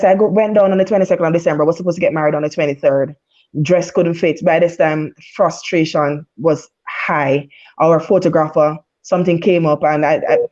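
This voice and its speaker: A woman guest telling a personal story in a casual, animated way, laughing at times. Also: fairly low pitch. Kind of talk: casual storytelling over a call. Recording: muffled remote headset line.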